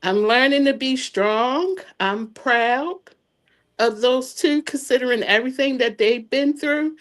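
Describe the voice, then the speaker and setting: A middle-aged woman guest telling her family story in a heartfelt, animated way. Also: high voice, measured pace. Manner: animated, heartfelt, acts out dialogue. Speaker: interview guest. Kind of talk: emotional personal storytelling.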